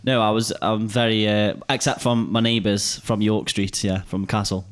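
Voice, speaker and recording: A young man with a Stoke accent, chatting casually as a podcast host and telling lively stories, swearing and laughing often. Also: on the low side, moderate pace. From Stoke-on-Trent, England. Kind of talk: casual chat.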